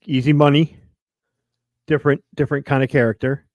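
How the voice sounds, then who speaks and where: A man's voice: mid-range voice, flat delivery, a little fast, a little mellow, dry recording. A man co-hosting a casual podcast chat, swearing freely and reeling off film facts. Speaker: podcast co-host.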